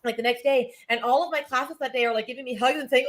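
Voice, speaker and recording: A woman teacher telling a lively story, acting out her students' voices. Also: high voice, quick pace. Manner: animated, acts out kids' voices. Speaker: teacher, guest cohost. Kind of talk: casual storytelling.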